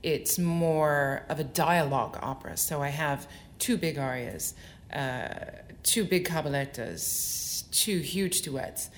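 A woman opera soprano speaking in a strikingly low, deep register for a woman. She talks in an onstage interview in front of an audience, articulate and expressive as she explains her craft at length. A faint hiss sits under her voice. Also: slow pace.

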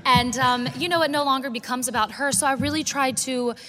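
Earnest woman, slightly high voice. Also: fairly quick, a bit bright, a little hiss or hum. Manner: earnest, self-correcting. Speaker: actress in a musical. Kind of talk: panel interview. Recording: hall reverb.

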